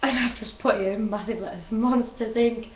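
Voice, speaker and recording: A woman's voice: a little high, fairly even intonation, normal speed, slight background noise. Gushing young woman, roomy distant sound. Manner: gushing, chatty, laughs often. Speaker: vlogger. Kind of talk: casual chat. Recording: roomy, distant, dull home recording.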